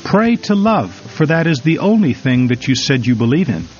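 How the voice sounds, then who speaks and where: A man voicing an earnest older man who gently and patiently counsels a troubled son. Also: medium pitch, lively intonation, a little fast, natural voice. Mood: patient persuading. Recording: slightly dull recording, faint music.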